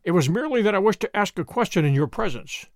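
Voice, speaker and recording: A man voicing a crisp, sharp-witted, teasing detective in a storybook reading. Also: high-pitched, lively intonation, fast talker, dry recording, studio quality.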